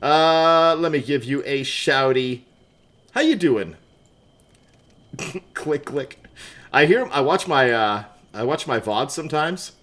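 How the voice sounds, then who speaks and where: A man's voice: mid-range voice, unhurried, a bit bright. A man chatting casually on a game livestream, laughing often, greeting viewers by name, wired on coffee, with keyboard clicks behind. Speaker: livestream gamer.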